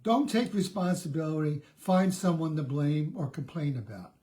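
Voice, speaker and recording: A man's voice: a little high, normal speed, mellow. A middle-aged man, a therapist, giving a conversational self-help talk, often restarting and repeating words.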